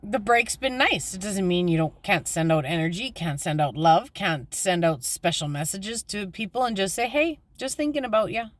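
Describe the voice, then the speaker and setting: A woman giving a casual, candid motivational talk as a spiritual vlogger, plainspoken and slowing down to stress her points. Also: on the low side, lively intonation, no room sound.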